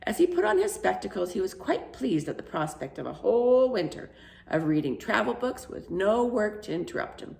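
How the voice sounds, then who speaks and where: A woman reading a children's book aloud as a storyteller, lively and expressive. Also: mid-range voice, normal speed, vocal fry. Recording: roomy echo.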